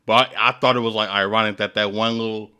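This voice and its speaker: A man's voice: fairly low pitch, steady tone, quick pace, bright, forceful tone, smooth. A man co-hosting a casual movie review chat, talking it through in a thoughtful, analytical way.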